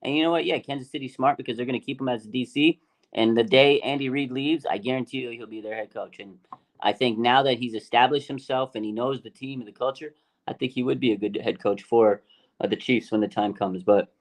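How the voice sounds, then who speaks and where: A man hosting a casual sports podcast, talking in an animated, slangy way with many fillers and restarts. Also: mid-range voice, a little fast. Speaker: podcast host.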